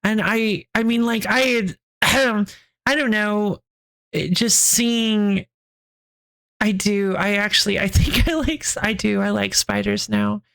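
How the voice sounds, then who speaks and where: A woman streamer in casual chat, telling a story with lots of restarts, giggles and quick asides to her chat. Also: mid-range voice, creaky, a bit bright. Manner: reads chat aloud.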